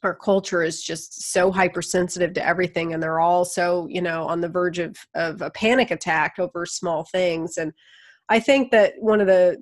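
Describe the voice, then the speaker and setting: A woman guest telling stories in a casual interview, animated and acting out the voices of people she quotes. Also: on the low side. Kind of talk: casual conversational storytelling.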